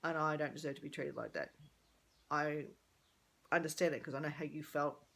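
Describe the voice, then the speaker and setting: A woman's voice: sits low, steady tone, normal speed, gravelly, a bit bright. A middle-aged woman talking candidly in a rambling personal vlog, thinking aloud and correcting herself as she goes. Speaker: vlogger.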